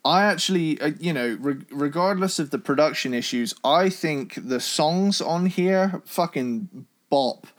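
Male podcast co-host, enthusiastic casual delivery, casual swearing, slightly higher pitch. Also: animated, unhurried, hardly any pauses. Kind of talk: casual chat.

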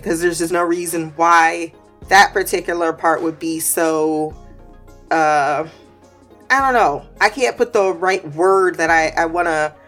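A woman's voice: lowish voice, a bit bright. A woman giving a casual, wry review of a TV episode, with filler words, restarts and sarcastic asides. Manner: sarcastic asides and frequent laughs.

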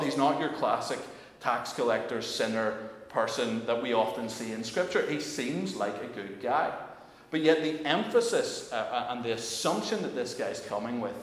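Man preaching in a big reverberant hall, mid pitch, animated delivery with many restarts. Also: normal speed. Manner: animated, many restarts, acts out quoted voices. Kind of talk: sermon. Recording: very echoey hall, faint room noise.

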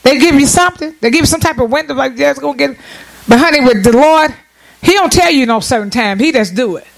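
The audio is poor as a man with a very high-pitched voice preaches quickly, calling on the congregation for amens and praise. His delivery is animated, and he keeps restarting his phrases as he builds toward his point.

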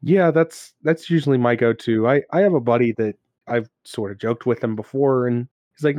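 A man co-hosting a casual chat about tabletop games, an animated storyteller who laughs often and acts out characters. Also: mid-range voice, moderate pace, few pauses, no room sound. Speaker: podcast co-host and game master.

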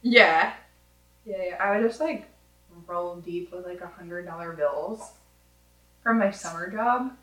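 A woman's voice: lowish voice, unhurried, long pauses, a bit bright, echoey room, distant mic, poor audio. A woman co-hosting a casual film review chat, giggly and rambling. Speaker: podcast co-host.

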